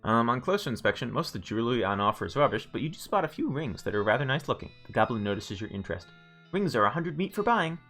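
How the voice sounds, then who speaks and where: A man's voice: lowish voice, animated, very fast, hardly any pauses, a bit bright, soft background music. A man streaming a game, reading its text aloud and adding wry, musing asides.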